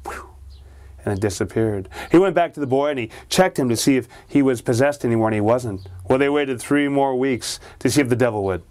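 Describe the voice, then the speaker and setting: A man's voice: medium pitch, fairly quick, a little mellow. A man telling a ghost story aloud, dramatizing the characters with shifts of voice.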